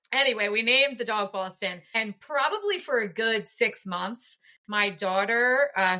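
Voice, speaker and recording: Woman, forties, podcast host, bright tone, effusive chatty manner. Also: mid-range voice. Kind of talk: casual interview chat.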